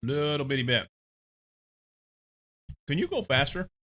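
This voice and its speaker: A man livestreaming a game, muttering to himself and often coughing and clearing his throat. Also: a little high, big pitch swings, unhurried, pushed and bright. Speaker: streamer. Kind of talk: casual gaming livestream talk.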